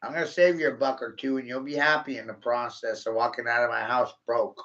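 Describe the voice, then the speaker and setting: A man's voice: medium pitch, level tone, fairly quick, fairly bright tone, lo-fi sound. A man rambling through a vlog monologue, cursing, taunting his viewers and laughing at his own jokes.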